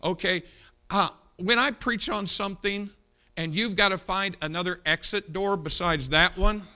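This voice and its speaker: A middle-aged male pastor delivers a fiery sermon in a church auditorium at a moderate pace, bluntly scolding his listeners and swinging between shouts and low asides.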